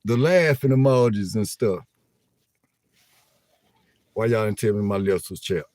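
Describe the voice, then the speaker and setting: An older man chats casually to his viewers in an animated, laughing way, often repeating himself. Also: fairly low pitch, a little slow, dry recording. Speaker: vlogger livestreaming. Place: inside a van.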